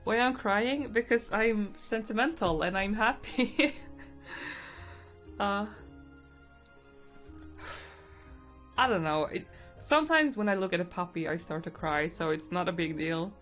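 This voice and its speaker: A woman's voice: mid-range voice, slow, long pauses, fairly bright tone, soft background music. A woman chatting casually on a live art stream, teary and emotional, laughing often.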